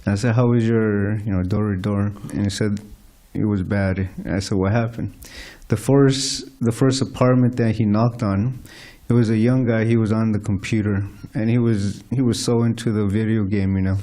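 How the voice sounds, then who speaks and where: A man in a class audience telling a personal story in a casual, halting way, with plenty of fillers. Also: lowish voice, fairly even intonation, dark tone. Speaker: devotee in the audience.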